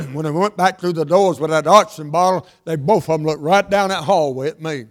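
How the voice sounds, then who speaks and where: Gravelly older preacher. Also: male voice, a little high, a little fast. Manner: emphatic, repetitive preaching with sudden loud and hushed lines. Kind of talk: sermon.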